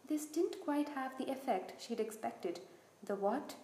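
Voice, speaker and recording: A woman reading a children's novel aloud as narrator with clear, even storytelling. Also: high voice, unhurried, echoey room, rough recording. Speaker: audiobook narrator. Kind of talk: scripted narration.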